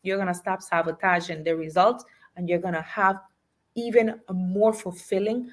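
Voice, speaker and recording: A woman's voice: lowish voice, fairly even intonation, normal speed. Emphatic woman life coach. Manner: emphatic, repeats key phrases, asks the audience questions. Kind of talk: motivational coaching talk.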